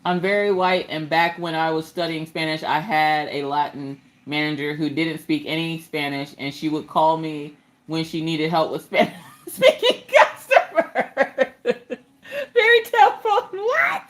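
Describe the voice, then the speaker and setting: A woman's voice: low voice, little pitch movement, normal speed. A woman hosting a casual crafting livestream, chatting and telling stories with frequent laughter. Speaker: livestream host.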